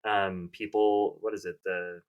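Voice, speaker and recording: A man's voice: low voice, level tone, a little slow, clear, resonant tone, lo-fi sound. A man in his thirties co-hosting a podcast, talking in a rambling, hesitant way with many fillers. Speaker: podcast co-host. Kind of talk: casual chat.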